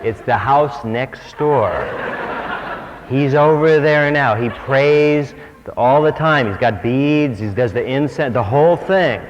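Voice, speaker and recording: A man's voice: medium pitch, takes it slowly. A man giving a humorous workshop talk as a spiritual teacher on stage, full of self-mocking asides. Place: stage before an audience. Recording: dull old recording, long hall reverb, faint hiss.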